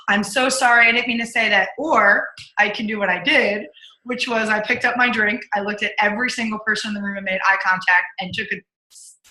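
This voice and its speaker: Bright, punchy woman telling stories. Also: medium pitch, roomy sound, low-quality recording. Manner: energetic, punchy, acts out her inner voice. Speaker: podcast guest, accountability coach. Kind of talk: candid interview storytelling.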